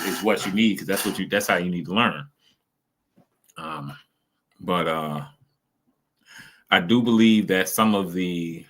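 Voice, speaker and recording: A man's voice: sits low, fairly bright tone, a little hiss or hum. A man streaming casual reaction commentary, rambling in loose slang with lots of fillers.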